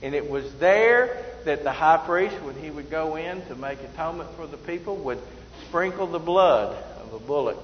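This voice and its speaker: A man's voice: on the high side, a little hiss or hum. A man preaching a sermon, telling folksy stories and laughing at himself. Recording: roomy hall, slightly dull sound.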